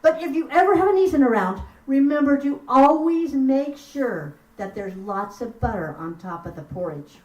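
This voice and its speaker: A woman telling folk tales at a live house concert, expressive and chatting with the audience. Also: sits high, normal speed, hardly any pauses, muffled recording. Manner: expressive, lively, chats with the audience. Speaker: storyteller. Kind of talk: live storytelling performance. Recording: roomy sound from far off.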